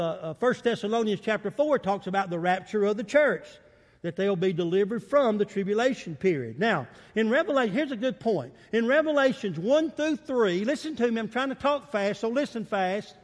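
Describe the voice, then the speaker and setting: A man's voice: sits high, animated, moderate pace, in a large hall. A man preaching a sermon in a church, calling for amens and acting out the quotes he reads. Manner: emphatic preaching with call-and-response, acts out quotes. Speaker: pastor. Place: church sanctuary.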